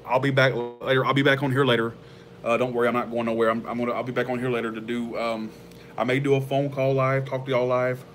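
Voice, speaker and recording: A man of middling pitch talks straight to his viewers in an easy, rambling livestream chat. He is heartfelt and laughs often. A faint background hum sits under the voice. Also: fairly bright tone. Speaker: tarot channel host.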